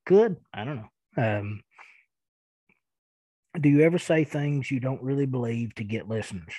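In a dry recording, a thirtysomething podcast host with a strong Eastern Kentucky accent chats casually through listener emails. His mid-range voice is dark and husky, and he chuckles and rambles, stumbling with fillers.

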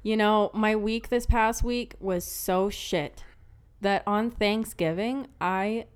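A young woman, co-hosting a podcast in casual chat, telling animated stories, swearing freely and laughing often. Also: medium pitch, slow, clear, resonant tone. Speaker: podcast co-host.

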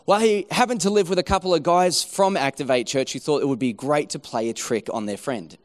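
A middle-aged man preaching a sermon, telling a story with lively acted-out quotes. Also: fairly high pitch, a little fast. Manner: animated storytelling, acting out quoted voices. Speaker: pastor.

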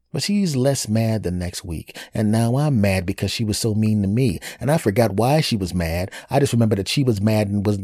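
A low, mellow-voiced man hosts a podcast and rambles through a personal dating story. He is animated and crude, throwing in jokes and scatted noises. The sound is dry and close. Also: husky, no room sound. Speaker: podcast host. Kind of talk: casual storytelling monologue.

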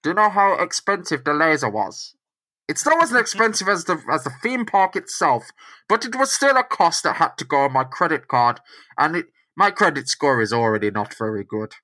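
A man doing a fussy, penny-pinching supervillain who grumbles about his debts in a pitched-up, bright, nagging voice. The voice swings widely as he complains. It sounds like a comic bit within a casual podcast chat. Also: very animated, moderate pace, rough recording. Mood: whiny. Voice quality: whiny, complaining. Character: petty broke male supervillain, whiny and fussy.

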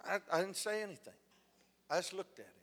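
A man preaching a sermon, telling a story with lively delivery and acting out the lines of the people in it. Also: high-pitched, quick pace. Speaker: pastor. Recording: long hall reverb.

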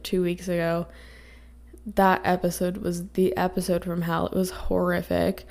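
Podcast host, young woman, raspy, gravelly as she's getting sick, chatty and rambling. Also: mid-range voice, a little mellow. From Canada. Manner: chatty, rambling with many fillers. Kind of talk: casual chat.

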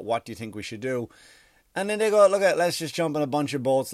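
A man from Ireland, telling a rambling, profane mock history with deadpan jokes and silly put-on voices. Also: mid-range voice, no room sound, clean studio sound. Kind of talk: comedic storytelling monologue.

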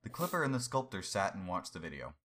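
A man with a low voice that still cuts through bright and forceful, chatting casually and reading a story aloud. He sounds chatty and concerned for his co-host. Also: very animated, quick pace, slight background noise.

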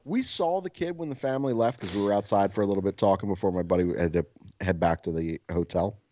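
A man's voice: fairly low pitch, fast, dull audio. A man co-hosting a podcast, telling a story in casual, profane chat and acting out the quotes. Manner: profane, animated storyteller who acts out quotes. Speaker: podcast co-host.

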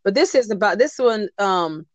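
A woman co-hosting a casual chat show, talking in animated bursts with frequent restarts. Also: mid-range voice, no room sound. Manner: animated, chatty, quick bursts with many restarts. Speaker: podcast co-host.

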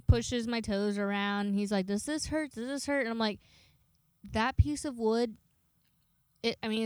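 A woman's voice: mid-range voice, clear, resonant tone, no room sound, clean studio sound. A young woman casually telling a story, swearing often and acting out the people she talks to. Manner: chatty, swears a lot, dramatic retelling of dialogue.

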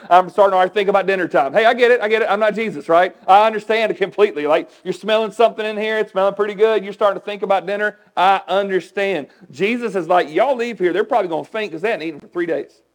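A man preaching a sermon as pastor, conversational and animated, asking the congregation questions. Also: high voice, rough recording.

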